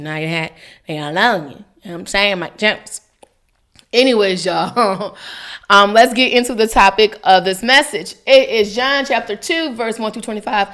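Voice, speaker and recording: A woman's voice: mid-range voice, a bit bright. A woman hosting a casual faith vlog, chatty and giggly, talking straight to her viewers. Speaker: devotional vlogger.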